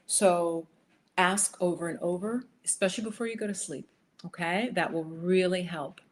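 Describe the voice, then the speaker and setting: A woman hosting a livestream, chatting with viewers and reading cards for them, sometimes dropping to a soft whisper while she shuffles. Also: fairly low pitch, normal speed, slight background noise. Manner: chatty, riffing, addresses viewers by name. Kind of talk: casual live chat with tarot readings. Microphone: headphones.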